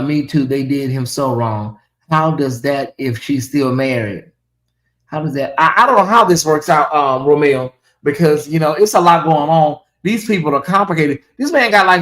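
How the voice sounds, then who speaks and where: A gossip host, a woman, holds forth to her viewers in a loose, sassy rant. She rambles, piles on the fillers and keeps interrupting herself before swinging back to the point. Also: low voice. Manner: sassy, ranting, talks straight to viewers. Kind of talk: celebrity gossip commentary.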